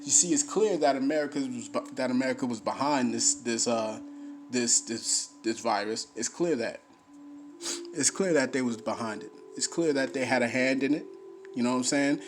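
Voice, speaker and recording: A man giving an informal scripture teaching, repeating phrases for emphasis and swinging between loud preaching and low, muttered reading. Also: moderate pace, noisy background. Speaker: bible teacher.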